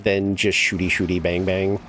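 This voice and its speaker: A man's voice: sits low, level tone, moderate pace, music in the background. A man streaming a game, chatting casually and rambling with lots of "like" and casual swearing. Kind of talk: casual chat while gaming.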